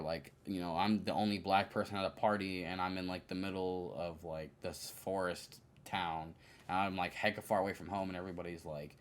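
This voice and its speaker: A young man hosting a podcast, chatting casually about movies in a lively, slangy way full of fillers. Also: deep voice. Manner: animated, slangy, many fillers and quoted asides. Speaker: podcast host. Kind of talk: casual solo movie review.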